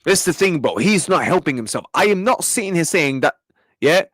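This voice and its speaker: A man's voice: on the high side, animated, brisk, a bit bright, no room sound, rough recording. A man ranting in a match reaction video, exasperated and slangy, repeating himself as he talks to his viewers. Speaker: football fan channel host. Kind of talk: heated match reaction rant.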